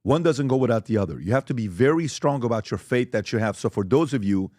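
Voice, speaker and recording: A man's voice: medium pitch, animated, fast talker, darkish tone, no room sound, studio quality. A man hosting a podcast, upbeat and enthusiastic as he promotes merchandise. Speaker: podcast host. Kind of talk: casual podcast talk and promo.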